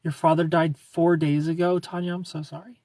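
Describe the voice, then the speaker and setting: A man from Ohio hosting a casual livestream, reading viewer comments aloud in a soft, low-key way and slipping into quiet asides. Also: flat delivery, normal speed, dry recording. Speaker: livestream host.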